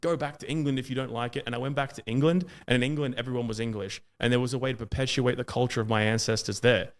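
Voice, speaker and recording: An Australian man giving an impassioned monologue, emphatic and often pausing on "uh" as he builds in intensity. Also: medium pitch. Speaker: speaker.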